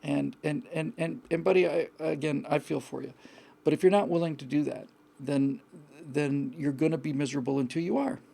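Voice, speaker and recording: A man's voice: a little high, steady tone, normal speed, gravelly, mellow, breathy edge. A man hosting a live call-in show, giving blunt, frank advice in a rambling way with many restarts. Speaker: host.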